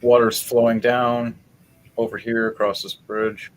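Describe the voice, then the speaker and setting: A man narrating as game master, shifting between loud, excited bursts and quick, low asides. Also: low-quality recording.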